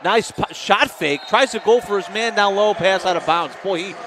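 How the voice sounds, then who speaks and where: Excitable male basketball play-by-play announcer. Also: sits high, a crowd in the background. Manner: quick, excitable calls that rise on big plays. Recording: noisy gym broadcast.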